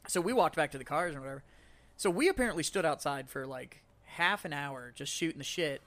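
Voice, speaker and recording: A married man co-hosting a podcast, telling bar stories in animated casual chat and swearing freely. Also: a little high, brisk. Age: adult, married. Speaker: podcast co-host.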